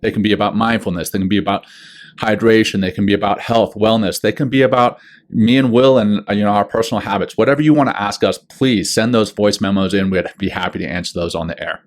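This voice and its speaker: A man's voice: on the low side, steady tone, fast. A man co-hosting a podcast, upbeat and chatty as he runs through the show's announcements. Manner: upbeat, plugs the show's channels. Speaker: podcast co-host. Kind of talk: casual podcast chat with show announcements.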